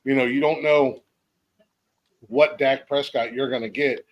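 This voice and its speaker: A man's voice: medium pitch, fairly even intonation, a little slow, lo-fi sound. A man from Ohio hosting a casual football podcast, easygoing, with plenty of fillers. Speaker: podcast host. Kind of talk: casual sports chat.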